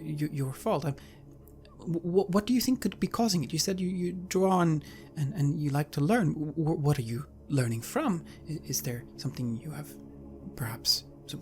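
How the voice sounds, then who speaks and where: A man's voice: fairly high pitch, darkish tone. A man playing his character in a tabletop game, talking hesitantly with stammers and restarts. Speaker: player.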